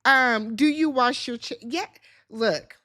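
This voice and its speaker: A woman from Milwaukee hosting a casual talk show, playful and animated with lots of laughter. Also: a little high, slow pace. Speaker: show host. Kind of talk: casual podcast chat.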